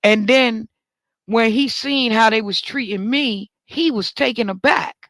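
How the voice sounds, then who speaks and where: High-voiced man telling stories animatedly. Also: a little slow, no room sound. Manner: animated, swings up high when joking about himself. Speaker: talk show host. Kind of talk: casual storytelling monologue.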